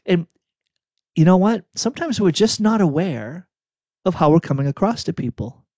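A man's voice: high-pitched, animated, normal speed, warm tone, no room sound. Man telling a story in a sermon. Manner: chatty, self-deprecating anecdotes with fillers. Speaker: preacher. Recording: dull, dry lo-fi recording.

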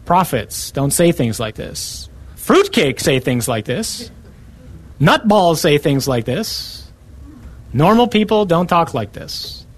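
A man preaching a sermon and reading scripture, emphatic and driving his points home with rhetorical repetition. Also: a little high.

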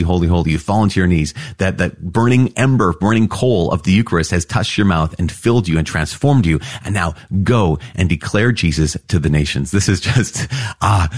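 Male preacher, very low husky voice, enthusiastic teaching delivery, dry close mic. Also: no room sound. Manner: enthusiastic, exclamatory, animated. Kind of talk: scripture reflection.

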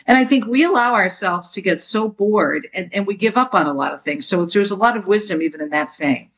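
A woman's voice: mid-range voice, brisk, hardly any pauses, low-quality recording. A woman author from Jersey City with a New Jersey accent, a guest explaining her book and telling stories about her mother. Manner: lively storyteller, quotes her mother.

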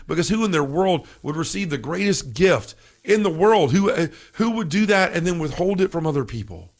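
Brief: fervent man, slightly high voice, faith podcast talk, repeats scripture. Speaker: podcast speaker. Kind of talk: faith reflection.

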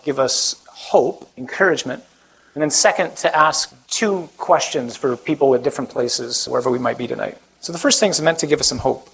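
Husky-voiced priest preaching with humor. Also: male voice, a little high, low-quality recording. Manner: conversational, joking, quizzes the audience. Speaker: Catholic priest. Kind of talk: sermon to a young audience.

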